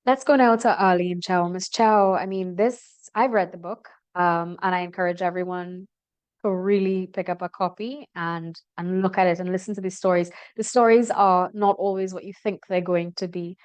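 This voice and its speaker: A woman hosts a broadcast interview. Her voice is smooth and clear, and she leads her guests in a measured, encouraging way. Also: fairly low pitch, fairly even intonation. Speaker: interview host.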